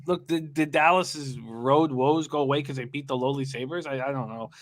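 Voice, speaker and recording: A man hosting a live sports betting show, rattling off betting lines quickly and hyping up his guests. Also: mid-range voice, slight background noise. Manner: rapid-fire reading of betting lines.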